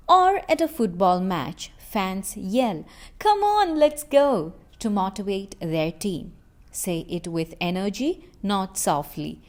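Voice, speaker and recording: Slow, lively woman narrating a lesson. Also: mid-range voice. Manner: slow, clear, expressive delivery of example phrases. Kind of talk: scripted narration with acted example lines.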